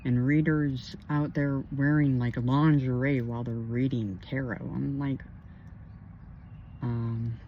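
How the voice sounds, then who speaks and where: Slow-talking woman rambling outdoors. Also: rumbling low, little pitch movement, dull audio, slight background noise. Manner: emphatic, rambling, indignant asides. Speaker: spiritual counselor. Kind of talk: rambling personal vlog. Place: outdoors by a pond.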